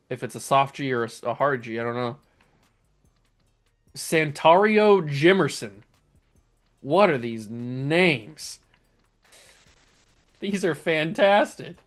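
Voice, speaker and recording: A young man hosting a gaming channel, chatting casually and laughing while reading through odd player names. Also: a little high. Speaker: gaming YouTuber host. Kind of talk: casual game commentary.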